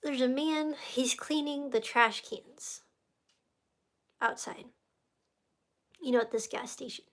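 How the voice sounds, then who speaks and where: Woman, livestream host, faith testimony, rambling, emotional, slightly high pitch. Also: slow pace, pauses often. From United States. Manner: rambling, easily distracted, emotional storytelling.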